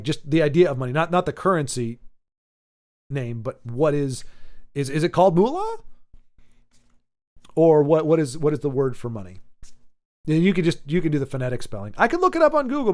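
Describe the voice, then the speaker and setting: A man casually chatting with viewers on a live stream, joking and answering the chat aloud. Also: a little high.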